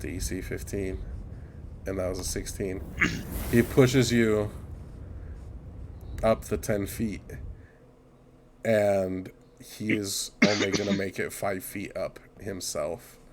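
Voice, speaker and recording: Slow, low-voiced man running a tabletop game. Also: a little hiss or hum. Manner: relaxed and joking, swears and laughs. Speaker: game master.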